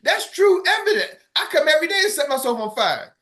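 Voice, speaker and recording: A man's voice: very high-pitched, sing-song, fast talker, fairly bright tone. A middle-aged man coaching his sales team on a morning call, fired-up and preachy, calling out to the group.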